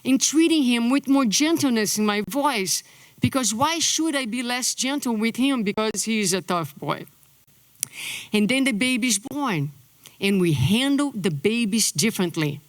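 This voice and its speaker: Brazilian woman giving an animated lecture. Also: fairly high pitch, unhurried, no echo. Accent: Brazilian Portuguese. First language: Portuguese. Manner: animated, acts out quotes in a lifted voice. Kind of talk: conference lecture.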